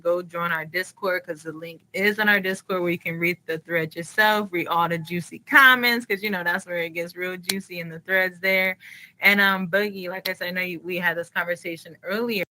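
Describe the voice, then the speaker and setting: Brief: easygoing woman host, slightly low pitch, conversational. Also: low-quality recording. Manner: relaxed, conversational, lots of fillers. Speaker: podcast host. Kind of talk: casual chat.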